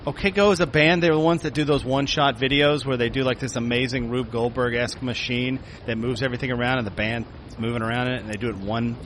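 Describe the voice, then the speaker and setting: Bright-voiced joking man. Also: mid-range voice, fairly even intonation, fast talker, slight background noise, poor audio. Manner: joking, laughs often. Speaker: podcast co-host. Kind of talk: casual banter among friends.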